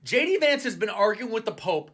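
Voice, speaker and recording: A man rants through a comedic monologue. His pitch swings widely and his tone is bright and forceful. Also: brisk, husky. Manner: animated, jumps in and out of mocking character voices.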